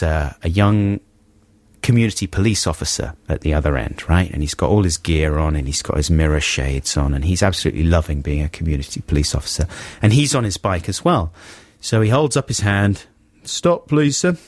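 A man, a radio co-host telling an anecdote, animated and exasperated. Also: low voice, brisk, no room sound. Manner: animated storyteller, exasperated, many restarts. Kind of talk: anecdote in casual chat.

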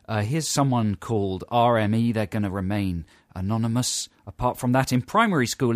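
A man's voice: fairly low pitch, no room sound. A British man co-hosting a radio show, bantering playfully and breaking into silly impressions. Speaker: radio co-host. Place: radio studio. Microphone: studio microphone.

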